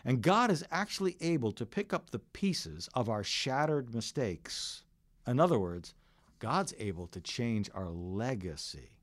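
A man's voice: medium pitch, big pitch swings, unhurried, dry recording. A middle-aged man preaching a sermon as pastor, earnest and full of stories. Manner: earnest, storytelling preacher who varies his delivery.

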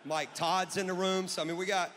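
A male pastor preaching a joking, energetic sermon that builds up to shouting. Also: high voice, brisk, big-room sound, slight background noise. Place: church sanctuary.

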